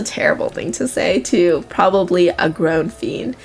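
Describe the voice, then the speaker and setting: A woman's voice: lowish voice, animated, unhurried, gravelly, a little mellow, slightly rough, faint music behind. A young woman streaming a role-playing game, reading its text aloud with amused reactions.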